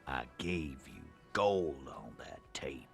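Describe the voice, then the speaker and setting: An actor playing a burly, hot-tempered male gang boss in a video game, gruff and swearing. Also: very deep voice, sing-song, takes it slowly, soft background music, exaggerated voice. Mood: furious.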